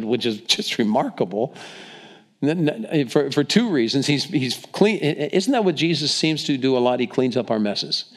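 A man preaching a sermon, retelling the scripture vividly and stumbling over restarts. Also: mid-range voice. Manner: storytelling, dramatizes quotes with acted voices; frequent restarts and repetitions.

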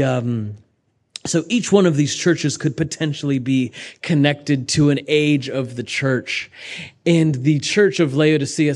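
A young adult man preaching a sermon, conversational and animated, swinging between raised urgency and hushed asides. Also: mid-range voice. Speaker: pastor.

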